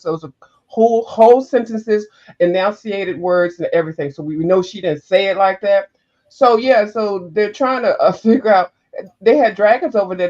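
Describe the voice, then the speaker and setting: A woman's voice: medium pitch, darkish tone. A woman calls in to a livestream to share gossip. She talks in a loose, profane way, and her voice comes through dull and lo-fi. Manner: chatty, profane storyteller. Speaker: caller on a livestream. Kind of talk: casual gossip. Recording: dull lo-fi call audio.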